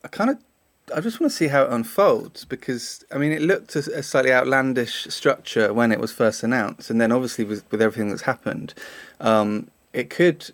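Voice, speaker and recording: A man's voice: medium pitch, fairly quick, dry recording. A man chatting on a podcast, hesitant and rambling with many fillers. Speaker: podcast guest. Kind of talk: casual podcast chat.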